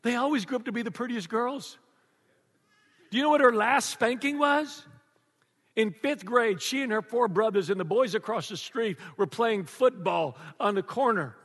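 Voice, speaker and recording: An older man preaching a sermon to a congregation, animated and joking, laughing often. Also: extremely high pitch, normal speed, breathy edge. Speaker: pastor. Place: church before a congregation. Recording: long reverb of a large church.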